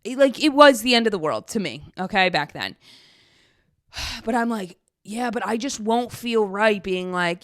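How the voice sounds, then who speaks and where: A woman's voice: medium pitch, animated, measured pace, fairly bright tone. A woman in her thirties hosting a podcast, telling a personal story in a casual, chatty way and acting out her own past lines. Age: 30s. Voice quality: chatty, many "like" fillers, quotes herself. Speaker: podcast host.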